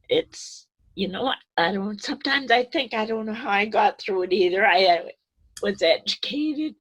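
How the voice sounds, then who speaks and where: An eighty-year-old retired nurse speaking on a video call, tearful and halting, repeating her words as she rambles. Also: lowish voice, fairly bright tone, breathy edge, no echo, low-quality recording. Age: 80s. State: tearful, voice breaking. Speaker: retired nurse, webinar attendee. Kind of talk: emotional open-floor remarks on a video call.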